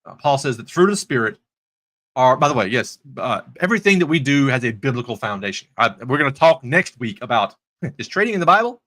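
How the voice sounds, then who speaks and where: A man teaching trading in a faith-based live lesson, an animated storyteller who repeats words as he starts sentences. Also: fast. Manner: animated storyteller, acts out characters with high voices. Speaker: trading instructor. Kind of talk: live-streamed teaching with stories.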